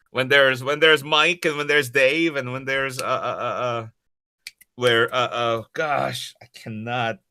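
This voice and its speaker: A man from Korea with a Korean accent, whose first language is Korean, answering audience questions as a voice actor in a casual Q&A, lively and chuckling often as he restarts and repeats words. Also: medium pitch, moderate pace, no echo, studio quality. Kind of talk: casual livestream Q&A.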